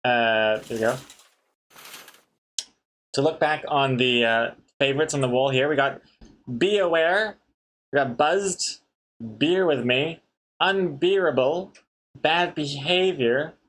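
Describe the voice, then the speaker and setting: A man's voice: medium pitch, takes it slowly, long pauses, fairly bright tone. A man chatting casually on a live stream, reading viewer messages aloud and joking with the chat. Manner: chatty, reads chat aloud, laughs at jokes. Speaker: comic artist streamer.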